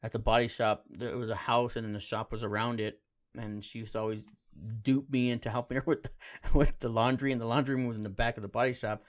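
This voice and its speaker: A man's voice: medium pitch, flat delivery, fast. A man hosting a podcast on his own, telling personal stories in a laid-back, heartfelt way, peppered with casual slang. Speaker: podcast host. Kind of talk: casual solo podcast storytelling.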